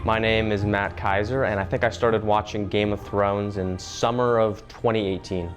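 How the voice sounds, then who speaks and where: A man's voice: fairly low pitch, fairly even intonation, normal speed, music in the background. A man chatting plainly in an interview about a show he likes. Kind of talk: casual chat.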